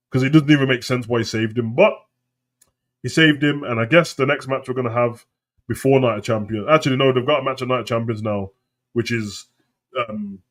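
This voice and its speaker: Slangy British man ranting on a stream. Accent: British, London street slang. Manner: slangy, ranting, breaks into loud high outbursts. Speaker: wrestling show streamer. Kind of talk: live stream reaction chat.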